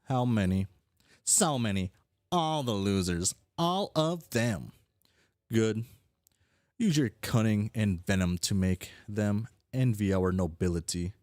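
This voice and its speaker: A man's voice: lowish voice, expressive, takes it slowly, a little mellow, no echo, studio quality. A man voicing a haughty, formal young male alien troll aristocrat who speaks in stiff, pompous sentences. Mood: disdainful. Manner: stiff, pompous, long-winded formal speech.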